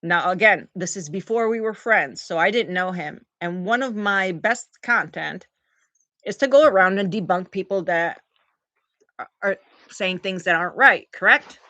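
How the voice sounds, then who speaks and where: A woman chatting on a live stream and thanking viewers for gifts. She is recovering from oral surgery and tells her story in an animated way, acting out the quotes. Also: mid-range voice, moderate pace, dry recording. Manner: animated storyteller, acts out quotes in big voices. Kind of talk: casual live-stream chat.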